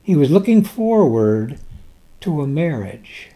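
A male preacher who delivers a sermon at an unhurried pace, letting his voice rise and fall widely. His tone is mellow and warm, and he reads scripture in old-fashioned wording with dramatic swells in loudness. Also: a little high, very animated.

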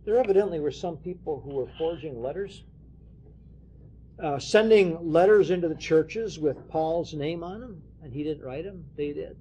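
A man's voice: fairly high pitch, normal speed, dark tone, muffled recording, slight background noise. A man preaching a sermon, explaining scripture and reading verses aloud with emphasis.

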